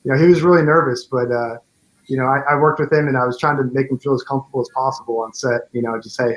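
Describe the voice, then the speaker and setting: A man's voice: medium pitch, fairly even intonation, fast, muffled recording. A man, a fan film director, chatting casually in an interview, rambling with many fillers and restarts.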